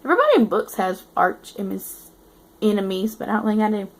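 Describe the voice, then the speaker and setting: A woman's voice: mid-range voice, fast talker. A woman author reading her book aloud and breaking off into self-mocking, chatty asides.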